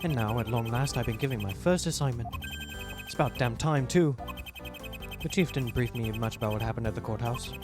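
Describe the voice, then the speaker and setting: A man's voice: medium pitch, fairly quick, music in the background, close to an everyday voice. Man voicing a brash rookie detective. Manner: brash, indignant. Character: brash hot-headed young male rookie detective.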